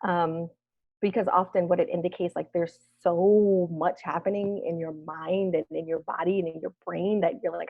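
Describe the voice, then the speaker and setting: A woman therapist leading a wellness workshop discussion, speaking gently and reflectively and often checking in with "right?". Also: lowish voice, steady tone, normal speed, vocal fry, no echo. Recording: dull lo-fi video call audio.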